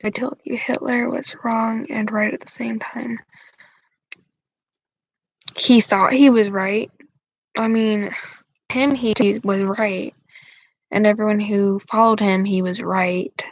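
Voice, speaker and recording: A woman's voice: mid-range voice, steady tone, slow, vocal fry, long pauses, dry recording, lo-fi sound. A young woman hosting her channel, chatting casually with viewers in a rambling, giggly way full of fillers.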